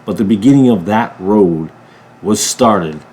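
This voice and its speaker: A man from a ministry channel giving a political commentary monologue, emphatic, jumping from loud bursts to low mutters. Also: expressive, measured pace, slight background noise. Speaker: ministry preacher.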